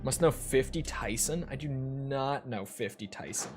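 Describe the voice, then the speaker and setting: A man's voice: mid-range voice, expressive, a little slow, a little mellow, faint music behind. A young man from Minnesota, streaming a game from his room and chatting with viewers in a rambling, profane, joking way. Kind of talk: casual chat with viewers while gaming.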